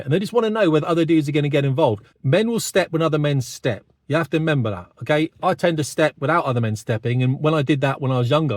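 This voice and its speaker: Speaking directly to camera, a fifty-something British man offers blunt commentary and keeps dropping "mate" into his conversational monologue. His voice leans high, and the studio recording is clean and dry.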